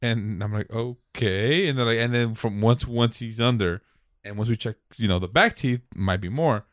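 A man's voice: mid-range voice, normal speed, dry recording, studio quality. A man co-hosting a casual podcast, telling a rambling story full of swearing and acted-out dialogue. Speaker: podcast co-host. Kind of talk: casual chat.

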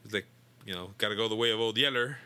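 A man's voice: lowish voice, quick pace, sharp tone, clean tone. A young man casually retelling a comic book story to a friend, rambling and swearing, full of fillers and restarts. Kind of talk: casual chat.

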